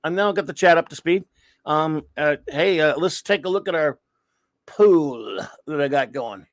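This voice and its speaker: Chatty man giving shout-outs. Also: on the high side, expressive, measured pace, no room sound. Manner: chummy, rambling shout-outs to chat viewers. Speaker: podcast host. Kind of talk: casual live-stream chat.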